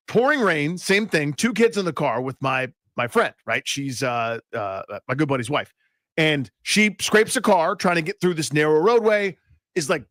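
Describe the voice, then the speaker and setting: Man, radio co-host, quick jokey reactions, lively fairly high voice, dry sound. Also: dry recording. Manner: chimes in with quick reactions and jokes. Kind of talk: casual sports radio banter.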